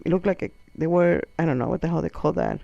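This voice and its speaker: Talking fast in a fairly high, gravelly voice, this comedian is heard on lo-fi audio without room sound. English is his second language, and he performs profane, animated comic stories, voicing the characters himself.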